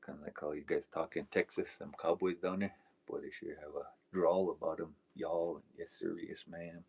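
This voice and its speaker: A man's voice: deep voice, little pitch movement, normal speed, vocal fry, darkish tone, husky. A man hosting a live stream, chatting casually and telling rambling folksy stories while he works, laughing often. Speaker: livestream host.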